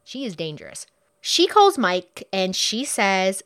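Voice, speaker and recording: A woman recounts a true crime case in a chatty, blunt way, swearing as she goes and slipping into quoted voices. Her pitch swings widely and expressively. The sound is close and dry, with no room echo. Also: sing-song, slow pace, fairly bright tone, clear, resonant tone. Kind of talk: casual true crime retelling.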